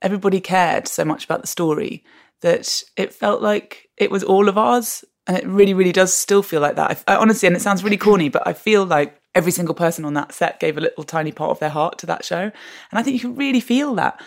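Animated woman telling stories. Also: fairly low pitch, fast, vocal fry. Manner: animated, expressive storyteller who laughs often. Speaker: podcast guest. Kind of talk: conversational interview.

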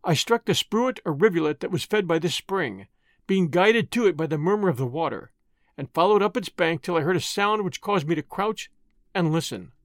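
Male audiobook narrator, measured and dramatic, fairly high voice, dry close recording. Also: lively intonation, no room sound. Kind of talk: scripted first-person narration.

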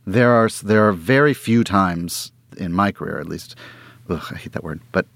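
A man, an actor guest, telling stories in casual conversation, animated, laughing and often restarting his sentences. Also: low-pitched, normal speed, gravelly, no echo.

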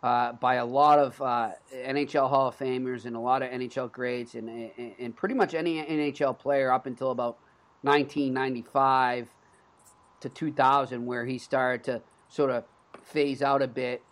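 A Boston-accented man in his thirties talks as a sports podcast host, his voice sitting at an ordinary middle pitch. He tells his stories in an earnest, conversational manner. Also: fairly even intonation, moderate pace. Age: 30s.

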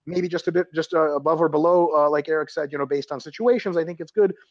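A man's voice: a little high, steady tone, fast, no echo, highs cut off. A man speaking bluntly and with animation in a casual panel discussion, swearing freely as a coach.

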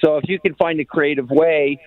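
A man's voice: fairly high pitch, fairly even intonation, no room sound. A Canadian man chatting as a comedy guest on the radio, stumbling and restarting his sentences as he thinks. His voice comes through a narrow, phone-like line, dry and close. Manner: halting, many restarts. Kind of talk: casual radio chat.

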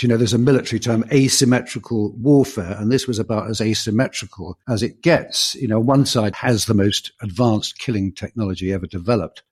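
A middle-aged British man co-hosts a conversational history podcast, his voice sitting on the low side. He talks in a measured, reflective way, pausing with fillers as he recounts things he has seen. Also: a little mellow. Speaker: podcast co-host.

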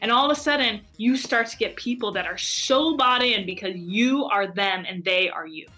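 A woman who runs a marketing agency appears as a guest, chatting enthusiastically and doing animated voices of other people in her stories. She speaks at medium pitch and normal speed, with faint music behind her.

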